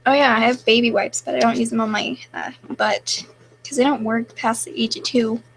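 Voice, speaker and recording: A woman's voice: on the high side, fairly even intonation, moderate pace, fairly bright tone, low-quality recording. A young woman casually chatting on a live stream, reading viewer questions aloud and answering them offhandedly.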